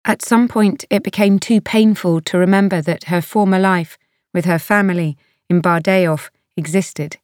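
A woman narrating an audiobook in a measured, even storytelling manner, recorded close to a studio mic. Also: on the low side, dry recording. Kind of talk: scripted narration.

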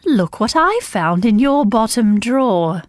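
A woman reading an audiobook voices a brisk, blunt elderly woman who talks in a matter-of-fact way. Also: a little high, big pitch swings, no room sound, studio quality. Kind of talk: audiobook character voice.

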